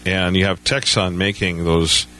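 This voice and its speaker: A man with a fairly low voice talks casually as a guest on a radio show. He tells his stories in a loose, conversational way. He often stammers at the start of a sentence and leans on "you know". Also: flat delivery, unhurried, pushed and bright, a little hiss or hum.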